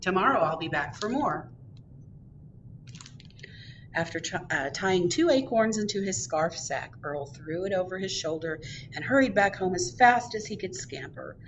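A woman librarian reading a picture book aloud to children, expressive and drawn out. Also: on the low side, normal speed, recorded from a distance, dull audio, slight background noise.

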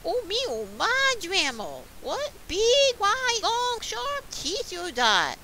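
A wide-eyed little storybook girl, voiced by a woman, exclaims in a high, sing-song voice. The tone is bright and clear, and her pitch swoops up and down. The pace stays slow and careful. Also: sing-song, a little hiss or hum, full character voice. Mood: timid wonder.

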